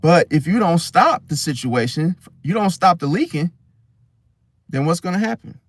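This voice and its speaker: High-voiced man preaching with rhetorical questions. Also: expressive, normal speed. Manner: rhetorical questions, keeps asking "See?"; slangy, blunt, swears casually. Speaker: astrology vlogger. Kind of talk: casual preachy monologue.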